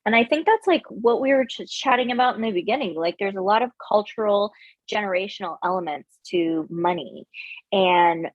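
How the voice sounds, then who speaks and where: Woman podcast guest, husky voice, dry close sound, earnest, reflective. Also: medium pitch, normal speed, dry recording, lo-fi sound. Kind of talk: casual interview chat.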